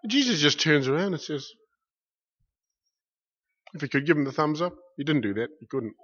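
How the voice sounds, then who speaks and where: A man preaching a sermon with passion, dropping to a hush and then rising loud, repeating his phrases for weight. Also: fairly high pitch, expressive, moderate pace. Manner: impassioned, swings from hushed to loud, repeats phrases. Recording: muffled lo-fi recording.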